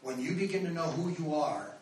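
A man preaching, telling a story to his congregation in an animated, rambling way with many restarts and fillers. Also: fairly high pitch, fairly quick, a little hiss or hum. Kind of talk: storytelling sermon. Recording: echoey hall, mic far off.

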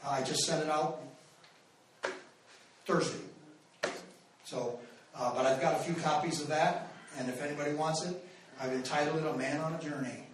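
A man preaching, telling a story to his congregation in an animated, rambling way with many restarts and fillers. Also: on the high side, moderate pace, long pauses, background noise. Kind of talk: storytelling sermon. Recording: echoey hall, mic far off.

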